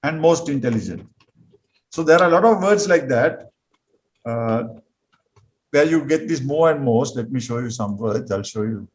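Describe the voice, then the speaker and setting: A man teaching an English grammar lesson to a class, patiently drilling words slowly and repeating them. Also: mid-range voice, expressive, rough recording.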